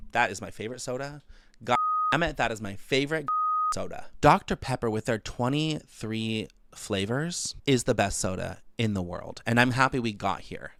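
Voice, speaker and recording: Male comic, twenties, ranting monologue, loud animated swings, mid pitch, dry sound. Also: no room sound. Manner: animated, profane, exaggerated outbursts. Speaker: comedian. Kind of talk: comedic rant monologue.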